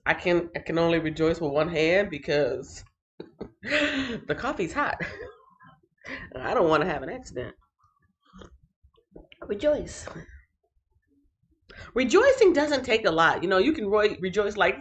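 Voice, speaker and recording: A woman's voice: lowish voice, animated, moderate pace. Playful woman hosting a Bible livestream. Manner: playful, reads chat comments aloud, sings and laughs. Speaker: Bible reading livestream host. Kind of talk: casual livestream chat and Bible recap. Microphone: phone.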